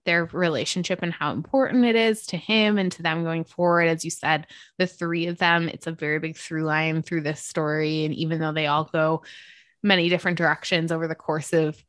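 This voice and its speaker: A woman in casual, excitable conversation about a book, gushing and full of filler words. Her voice sits slightly low, and the recording is dry and close with no room sound. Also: brisk, dry recording. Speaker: book podcast co-host.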